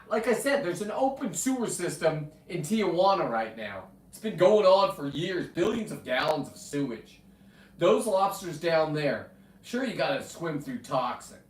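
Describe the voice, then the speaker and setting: A man's voice: a little high, recorded from a distance. A man hosting a rambling livestream, brash and profane, chatting with viewers and talking to his dog. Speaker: livestream host. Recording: echoey room, off-mic.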